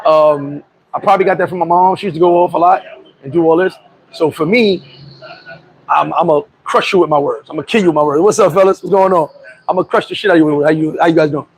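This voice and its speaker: An American man hosting a casual livestream. He rambles through viewer comments and shout-outs, often restarting and chuckling. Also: on the high side, fast talker, a little hiss or hum, low-quality recording. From United States. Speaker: livestream host.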